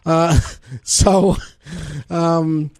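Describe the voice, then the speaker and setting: A man hosting a podcast in casual chat, telling stories in an animated, exasperated way into a close mic. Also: on the high side, very slow, no echo. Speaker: podcast host.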